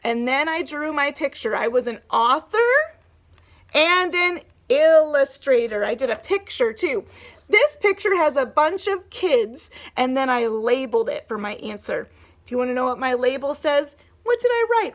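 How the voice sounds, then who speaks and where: Brief: woman teacher, high bright voice, gentle and encouraging with young kids. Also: expressive, normal speed. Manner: gentle, encouraging, sing-song teacher talk. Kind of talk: remote lesson for young children.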